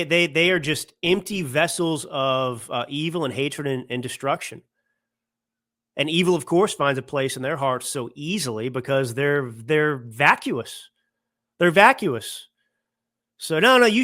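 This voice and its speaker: Guy in his 30s or 40s ranting on his political show, bright tense voice, slightly high, keeps repeating himself. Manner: heated, emphatic, repeats himself. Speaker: host. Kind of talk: political commentary.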